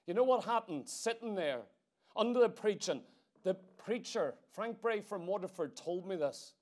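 A man preaching in a notably high voice. He presses the room with rhetorical questions, then drops to a hushed intensity before building back up. It is a full-blooded sermon delivered to a gathered congregation. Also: lively intonation, moderate pace. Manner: emphatic, swings between forceful and hushed delivery. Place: church meeting room.

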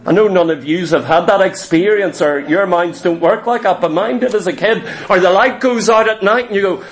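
A man preaching with a notably high voice. He drives his points home with emphasis and slips into dramatic voices for the figures he quotes. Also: fairly quick, hardly any pauses. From Ireland. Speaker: pastor. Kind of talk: sermon.

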